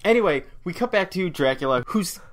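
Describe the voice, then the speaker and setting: Animated man recapping comics. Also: sits high. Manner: animated, recaps plots with quick impressions. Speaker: podcast co-host. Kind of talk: casual comic book chat.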